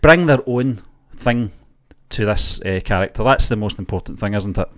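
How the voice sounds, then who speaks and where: A man's voice: on the low side, animated, normal speed, fairly bright tone. A man from the UK co-hosting a casual film chat, upbeat, laughing along and hesitating with fillers. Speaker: co-host.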